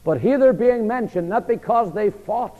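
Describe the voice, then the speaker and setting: A man's voice: high voice, lively intonation, normal speed, dark tone. A man teaching a Bible study as a sermon. He poses questions to his listeners, answers them himself, and repeats key phrases with a falling, emphatic finish. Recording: lo-fi recording with long hall reverb.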